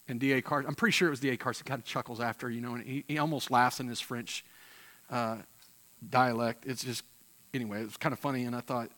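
A man preaching a sermon with passion, swinging from loud emphatic peaks to quiet, intense moments and often repeating words as he restarts phrases. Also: mid-range voice, steady tone, fast talker. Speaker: pastor.

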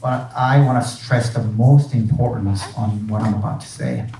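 A man's voice: medium pitch, normal speed, recorded from a distance, a little hiss or hum. Earnest male pastor preaching in an echoey room. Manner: earnest, emphatic preaching with soft hushed drops on key phrases. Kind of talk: sermon.

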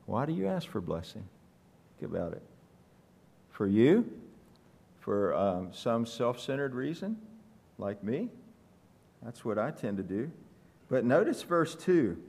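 A man's voice: mid-range voice, big pitch swings, gravelly, darkish tone, husky. Man teaching a conversational church sermon. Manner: reads scripture slowly, asks the congregation questions, self-deprecating humor. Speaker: pastor. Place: church sanctuary with congregation.

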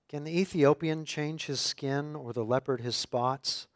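Male pastor preaching, slightly high voice, dry close mic, reads scripture and builds through quoted questions. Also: unhurried, few pauses, no room sound. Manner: reads scripture then preaches, voicing biblical questions with rising intensity. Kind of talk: sermon with scripture reading.

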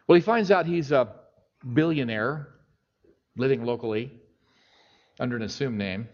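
A middle-aged man with a mid-range voice tells a story in his sermon at normal speed, pausing often. He animatedly acts out the quoted voices, and the recording has a dull lo-fi sound.

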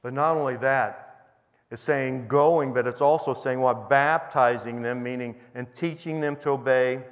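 A man's voice: medium pitch, steady tone, unhurried. A middle-aged man preaching, earnestly retelling a conversation with a young inmate as a testimony. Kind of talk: sermon storytelling. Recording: long hall reverb.

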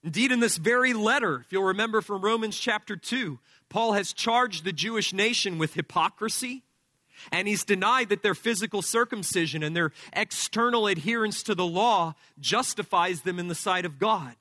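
This is a man delivering an expository sermon, walking through his points in careful order. His voice sits high and ringing, and the dry sound keeps him close to the ear. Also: moderate pace, sharp tone, no echo. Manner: emphatic, methodical teaching with numbered points. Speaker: preacher.

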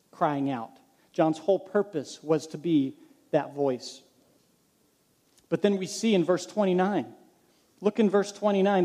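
A male pastor delivering a sermon, reading scripture and asking his congregation questions. His voice sits high for a man and has a mellow, soft-edged tone. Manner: preaching, asks the congregation questions.

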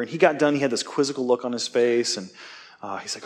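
A man who teaches, giving a casual sermon and telling stories in an emphatic, animated, conversational way. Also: mid-range voice, fast talker.

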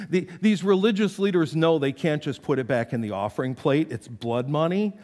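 Dramatic pastor preaching in a reverberant hall. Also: male voice, on the high side, lively intonation, moderate pace. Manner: dramatic storytelling, acting out quoted voices, swings from loud to hushed. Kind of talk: sermon.

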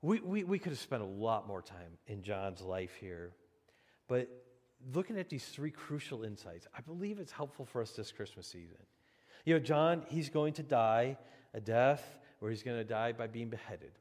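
Man, pastor preaching, lively pitch, chatty restarts, long hall reverb. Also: normal speed. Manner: animated, conversational preaching with frequent restarts. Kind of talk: sermon.

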